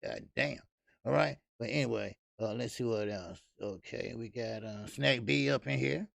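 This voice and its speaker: With a gravelly, medium-pitched voice at normal speed and no room sound, the host rants his way through a live boxing stream. He greets his audience and rambles in a loose, profane style packed with fillers.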